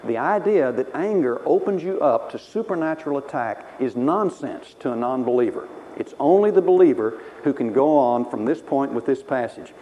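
A man preaching a sermon, animated, acting out the lines he quotes. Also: medium pitch, lo-fi sound, slight background noise. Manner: animated, voices quoted speakers dramatically.

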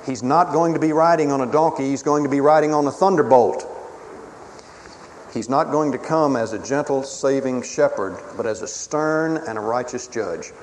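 A man preaching a sermon in a dramatic, emphatic way, swinging between booming declarations and hushed pleas. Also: moderate pace. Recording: reverberant hall with faint ambient noise.

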